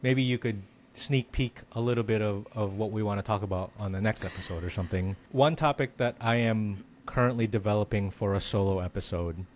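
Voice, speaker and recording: Man, podcast host, casual chat, reflective, thinks out loud, lots of fillers. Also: on the low side. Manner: reflective, thinking aloud with many "like"s. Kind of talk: casual conversation.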